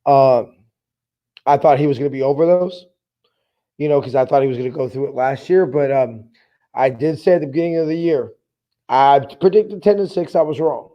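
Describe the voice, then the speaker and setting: A man hosting a fan sports podcast, talking casually and excitedly, reading viewer comments aloud. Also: medium pitch, normal speed, muffled recording. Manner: excitable, hyped, emotional.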